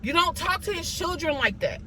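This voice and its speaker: Emphatic high-voiced woman scolding herself. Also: sing-song, moderate pace, bright, forceful tone, a little hiss or hum, low-quality recording. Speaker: motivational vlogger. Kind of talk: motivational self-talk monologue.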